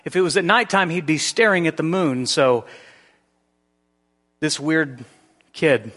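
A man's voice: on the high side, animated, unhurried, a bit bright. Man preaching in an echoing hall. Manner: storytelling, varied emphasis. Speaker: pastor. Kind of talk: sermon.

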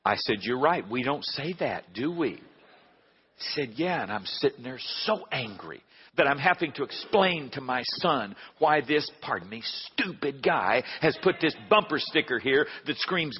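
A middle-aged male pastor preaching a sermon, telling a story and swinging between hushed and loud. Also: medium pitch, expressive, moderate pace, slightly rough. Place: church sanctuary. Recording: dull recording with long hall reverb.

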